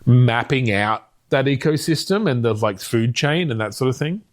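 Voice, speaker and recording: A man's voice: medium pitch, animated, moderate pace. A man, co-hosting a casual chat and rambling through game ideas with lots of fillers and crude jokes. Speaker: podcast co-host.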